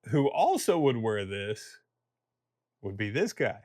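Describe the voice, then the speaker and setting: A man's voice: on the low side, very animated, slow pace, darkish tone, no room sound, studio quality. A man giving a casual video review of a fragrance, rambling and joking and often breaking off mid-thought. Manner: rambling, self-interrupting, jokey.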